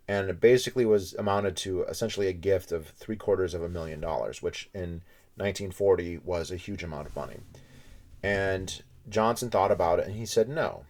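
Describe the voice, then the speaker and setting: A man with a notably deep, low-pitched voice reviews a book in a relaxed, unscripted way. He talks like he is telling a friend a story, winding through anecdotes with little asides. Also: fairly quick.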